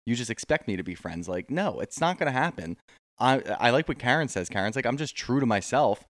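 A man's voice: medium pitch, big pitch swings, fairly quick, a bit bright, no echo, studio quality. A man co-hosting a casual reality TV recap podcast, ranting bluntly with plenty of swearing. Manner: blunt, profane, opinionated rants. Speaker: podcast co-host.

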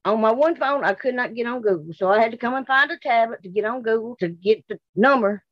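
A woman with a Mississippi accent speaks bluntly and indignantly, her voice a little high for a woman. She repeats herself as she tells what happened in an interview. The recording is dry and a bit dull, with no room sound. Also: animated, fast, dry recording. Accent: Southern US, Mississippi. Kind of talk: emotional interview testimony.

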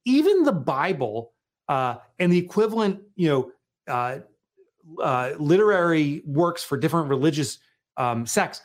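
A man in a casual conversation who tells stories with a lively, swinging voice. He speaks a little higher than most men, laughs easily and acts out little scenes as he goes. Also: measured pace. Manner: animated storyteller, laughs often, acts out quotes. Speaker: author and guest.

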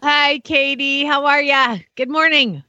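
A woman hosts a radio call-in show with a high-pitched voice. She is chatty and affectionate and teases her callers. The sound is dry and a little dull. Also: steady tone, measured pace, sharp tone, no room sound. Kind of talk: casual radio chat.

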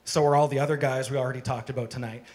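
A man's voice: medium pitch, fairly even intonation, very fast, a little mellow. A man preaching a sermon to a congregation, emphatic and driving his points home with strings of rhetorical questions. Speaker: pastor. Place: church service with congregation.

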